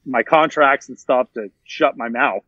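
A man's voice: medium pitch, unhurried, pushed and bright, dry recording. A man, a podcast guest, telling a long casual story full of fillers and restarts. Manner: rambling, many fillers and restarts. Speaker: interview guest. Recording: dull, dry sound.

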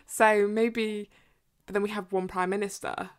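A woman with an English accent co-hosting a podcast in casual chat, animated and giggly, with many "like" fillers. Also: medium pitch, unhurried, clean tone. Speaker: podcast co-host.

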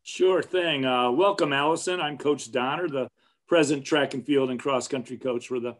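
A man's voice: mid-range voice, moderate pace. A man, a coach, interviewing guests on a video call in a friendly way with many fillers.

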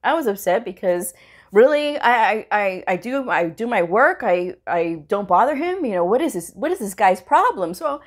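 Brief: woman vlogger, conversational storyteller, quotes dialogue with lively jumps up in pitch, peppers talk with "okay?" and "you know". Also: moderate pace. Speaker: medical coder sharing career advice. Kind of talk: casual storytelling vlog.

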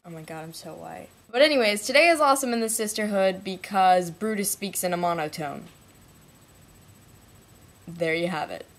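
A woman vlogging casually to the camera, chatty and self-mocking, jumping between hushed asides and excited bursts. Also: lowish voice, normal speed. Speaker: vlogger in a shared channel. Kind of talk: casual vlog chat to the camera.

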